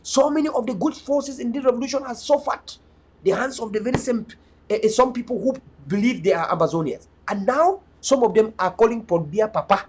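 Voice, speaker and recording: The young man speaks a little fast in a very high-pitched voice, with slight background noise. An activist and online media host from North West Cameroon (Bui), he gives a fervent political monologue full of emphasis and repeated restarts.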